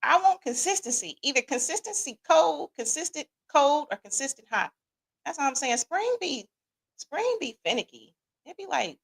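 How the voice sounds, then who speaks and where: A woman with a Midwestern American accent hosting a podcast livestream, joking casually and talking back to viewers in the chat. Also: lowish voice. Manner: lively, joking, talks to the chat. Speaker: podcast host reading live chat.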